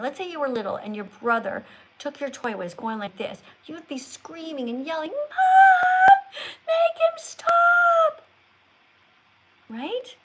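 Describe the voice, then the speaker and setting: A woman's voice: on the high side, a little hiss or hum, low-quality recording. Earnest preachy woman live-streaming. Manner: earnest and preachy, pleading with viewers; reads out viewer names and thanks them. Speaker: livestream host. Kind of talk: live-stream chat to viewers.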